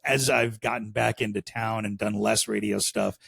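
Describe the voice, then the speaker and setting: Male guest, Chicago accent, low husky voice, dry recording, loose conversational delivery. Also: normal speed, no room sound. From Chicago area. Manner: relaxed, rambling with many fillers. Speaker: podcast guest. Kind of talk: casual interview chat.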